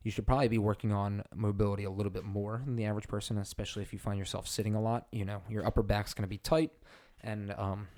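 A man's voice: on the low side, level tone, fast talker, hardly any pauses, a little mellow. A male podcast co-host talking in a casual, loose way, with many "you know"s. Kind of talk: casual chat.

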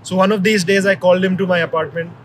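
A man's voice: high voice, fairly even intonation, quick pace, a little hiss or hum, poor audio. A man in casual conversation, telling a story in a rambling way with many restarts.

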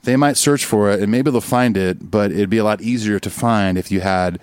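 Laid-back male podcast co-host, low voice. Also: brisk, darkish tone, smooth, no room sound, clean studio sound. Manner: chatty, gives friendly advice. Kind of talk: casual chat.

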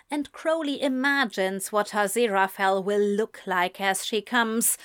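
A woman reading erotic fiction aloud in a slow, breathy, intimate way. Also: mid-range voice, a bit bright, no echo, studio quality. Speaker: narrator.

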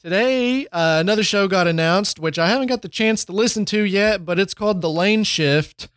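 A man co-hosting a horror podcast, rambling and joking in easy chat. His voice sits a bit high and comes through smooth and resonant. The sound is dry and close. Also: moderate pace, fairly bright tone, dry recording. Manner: laid-back, jokey, trailing fillers. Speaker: podcast co-host. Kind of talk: casual chat.

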